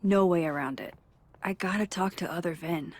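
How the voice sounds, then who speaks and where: A woman's voice: lowish voice, normal speed, a little mellow, lightly acted. An actress playing a dry, direct young woman investigating in a video game. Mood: wry. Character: wry young adult woman photographer investigating.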